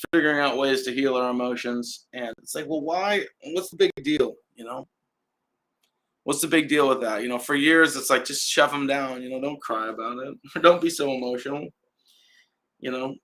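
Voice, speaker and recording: A man casually streaming bright, chatty Aussie guy. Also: medium pitch, rough recording. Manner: loose, chatty, laughs and trails off; many fillers and restarts. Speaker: live-stream host. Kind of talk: casual rambling live stream.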